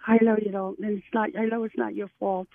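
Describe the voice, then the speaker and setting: A woman's voice: mid-range voice, flat delivery, a little fast, creaky, a little hiss or hum. A woman from North Carolina calling in to a radio show, gushing and giggly. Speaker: caller, listener. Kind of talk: excited on-air phone call. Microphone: phone call. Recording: tinny phone line.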